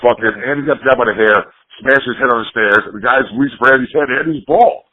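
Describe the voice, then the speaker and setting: Over a tinny phone line, a New Jersey man who plays in a punk band tells rambling, profane stories during a casual interview, quoting people along the way. His voice is medium-pitched and a little fast.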